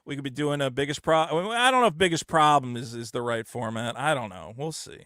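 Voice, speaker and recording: A man's voice: medium pitch, animated, a little fast, sharp tone, no room sound, studio quality. A man hosting a podcast in casual, blunt, profane chat, often mocking others in exaggerated voices. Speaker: podcast host.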